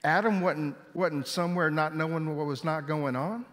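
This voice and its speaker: A man preaching a sermon, telling stories with lively delivery and raising his voice when he quotes people. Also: a little high, moderate pace. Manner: animated storytelling, voice jumping up for quoted shouts. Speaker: pastor. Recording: long hall reverb.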